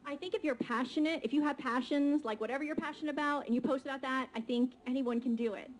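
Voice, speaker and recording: A woman's voice: high voice, fast, poor audio. A woman from Maryland, a real estate agent, talking in a chatty, free-flowing way with many fillers. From Maryland, USA. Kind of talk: casual panel talk.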